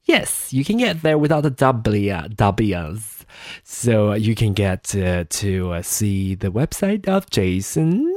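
A man's voice: on the low side, sing-song, slow. Tired, rambling man podcasting solo. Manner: rambling, chatty, self-deprecating, swears offhandedly. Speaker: podcast host. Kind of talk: casual solo podcast monologue. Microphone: close desk microphone.

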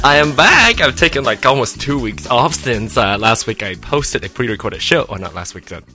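A man's voice: mid-range voice, moderate pace, faint music behind. A man in his thirties hosting his podcast, chatting casually and laughing often. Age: 30s. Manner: chatty, giggly, animated. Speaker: podcast host. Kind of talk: casual chat.

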